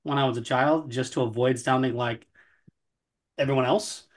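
A man's voice: mid-range voice, fairly even intonation, normal speed. A man from Memphis co-hosting a podcast in casual, wry chat, joking and swearing freely. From Memphis, Tennessee, USA. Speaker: podcast co-host.

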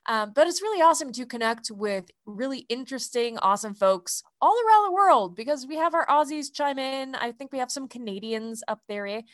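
A slightly high-pitched woman, a little tipsy, co-hosts a casual podcast in a teasing, easygoing way. The sound is close and dry, with no room around her voice. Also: a bit bright, no room sound. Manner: teasing, loose, laughing. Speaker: podcast co-host.

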